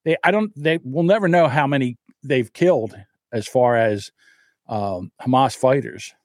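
A man's voice: medium pitch, a little slow, dry recording, studio quality. A man co-hosting a podcast, ranting heatedly and swearing often in casual chat. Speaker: podcast co-host.

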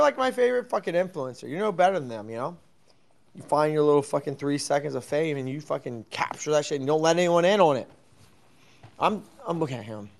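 A young man hosting a crypto talk stream, rambling and swearing in loud, jumpy, sarcastic banter from an office at night. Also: on the high side, gravelly. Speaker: crypto space host.

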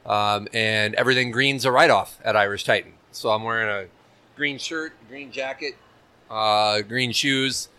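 A man with a bright, forceful mid-pitched voice speaks as a guest on a networking talk show. He jokes about himself in a dry, self-deprecating way, recorded inside a public market. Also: steady tone, measured pace, dry recording. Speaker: business founder, guest. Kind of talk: casual interview chat.

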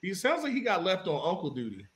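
A man co-hosting a casual podcast, telling stories in an animated, profane way and acting out what people said. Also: high-pitched, quick pace, crowd noise. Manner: animated, profane, acts out quotes. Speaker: podcast co-host. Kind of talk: casual storytelling chat.

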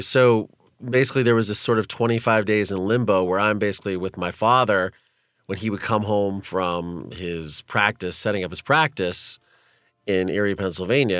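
A man's voice: on the low side, moderate pace, a bit bright. A man tells his story in a candid, conversational way, breaking into nervous laughs and filling gaps with "you know". He sits close to a dry mic with no room echo. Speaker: guest telling his life story.

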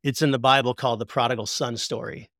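A man in his forties, a podcast guest and prison minister, giving an earnest, heartfelt testimony that slows down for emphasis like a preacher. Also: medium pitch, fairly even intonation, fairly bright tone, no room sound, clean studio sound.

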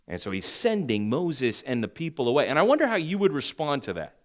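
A man preaching a sermon as pastor, swinging between loud emphasis and hushed tones. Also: a little high, sing-song, brisk.

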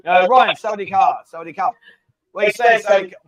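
A man's voice: high-pitched, fairly quick, a crowd in the background. A man hosting a casual live stream, bantering and teasing viewers. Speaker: livestream host. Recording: dull lo-fi stream audio.

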